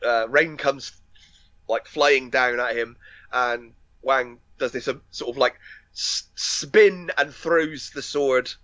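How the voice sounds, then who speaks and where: A man's voice: mid-range voice, slow, sharp tone, no room sound. A man co-hosting a podcast, retelling a film plot in casual chat with lots of fillers, restarts and laughter. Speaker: podcast co-host.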